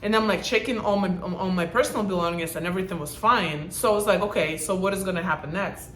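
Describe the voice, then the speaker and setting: A woman vlogger telling a casual storytime, animated and swearing, breaking into laughs and loud bursts when she mimics herself. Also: lowish voice, fast, reverberant, slight background noise.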